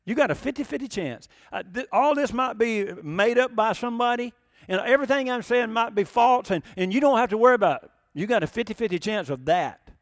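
A man's voice: very high-pitched, expressive, a little fast, no room sound, studio quality. A man preaching a sermon in an emphatic, conversational way, full of rhetorical questions. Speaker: pastor.

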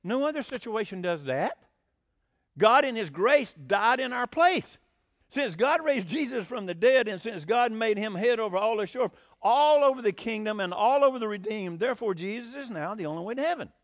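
A man's voice: high-pitched, lively intonation, moderate pace, no echo, clean studio sound. A man preaching a sermon, folksy and blunt, with sarcastic asides.

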